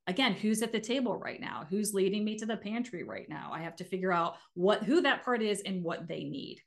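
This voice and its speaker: A woman's voice: medium pitch, brisk, creaky. Middle-aged woman, earnest coach, casual podcast guest. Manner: earnest, animated when making a point. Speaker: guest, emotional eating coach.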